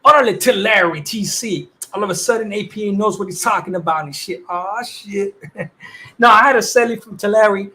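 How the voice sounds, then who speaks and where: Livestream host, high-pitched man, casual slang-heavy chat with viewers. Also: normal speed, sharp tone. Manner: streetwise slang, loose and laughing.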